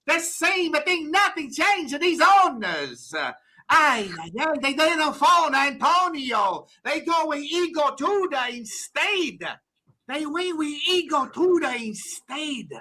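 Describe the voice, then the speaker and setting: A man's voice: extremely high pitch, animated, pushed and bright, heavily acted. A man doing a theatrical impression of an exasperated Italian football manager in a put-on Italian accent, drawing his words out. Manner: drawn-out, theatrical complaining.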